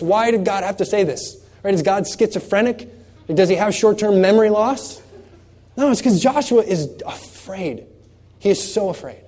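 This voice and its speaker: A man preaching a sermon in a conversational way, asking the congregation rhetorical questions and moving between loud emphatic scripture reading and soft, low asides. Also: expressive, normal speed. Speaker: pastor.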